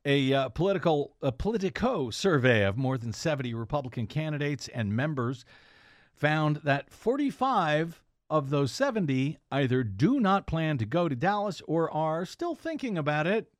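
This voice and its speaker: A man hosting an opinionated political news commentary show, sarcastic and halting, with frequent "uh" fillers. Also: a little high, lively intonation, no room sound, clean studio sound.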